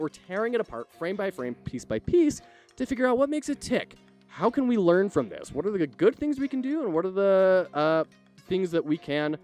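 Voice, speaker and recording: A man in his thirties talks through a live game-dev stream in a slightly high voice that swings widely in pitch. He is upbeat and effusive, full of thanks and self-mocking jokes. Faint music plays underneath. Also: a little mellow. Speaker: game developer and livestream host.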